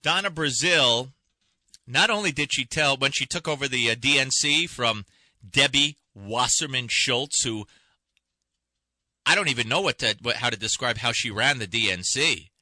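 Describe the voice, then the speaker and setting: A man's voice: mid-range voice, normal speed, bright, forceful tone, no echo. A man hosting a talk radio show, delivering an impassioned, indignant monologue full of rhetorical questions from a radio studio. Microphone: studio microphone.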